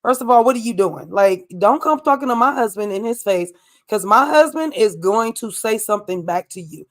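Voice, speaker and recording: A woman's voice: mid-range voice, animated, moderate pace. A woman co-hosting a reality TV recap, giving blunt, opinionated commentary. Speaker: recap show co-host.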